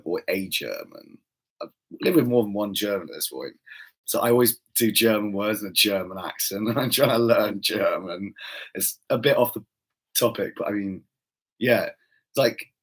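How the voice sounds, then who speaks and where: A man's voice: on the low side, breathy edge. A young British man hosting, ranting in a profane, digressive, exasperated monologue. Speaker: host.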